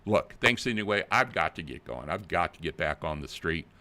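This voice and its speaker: A bullying fake police officer rushes through his lines, curt and impatient, with a deep, gravelly voice, as a man puts him on. He hurries each call toward its end. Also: lively intonation, fairly bright tone, exaggerated voice. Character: pushy male phone scammer posing as a police officer.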